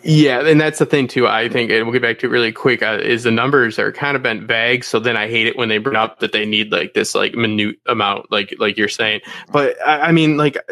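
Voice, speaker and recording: A young man with a bright, forceful voice, recorded dry and close. He rambles and curses in an animated, casual fan chat. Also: medium pitch, brisk, few pauses, dry recording. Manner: animated, profane, rambling with many fillers. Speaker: podcast panelist.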